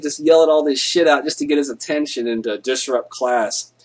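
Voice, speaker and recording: Laid-back, profane husky-voiced man. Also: medium pitch, steady tone, normal speed. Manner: laid-back, profane, loud when acting out stories. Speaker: live-stream host. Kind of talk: casual live-stream storytelling.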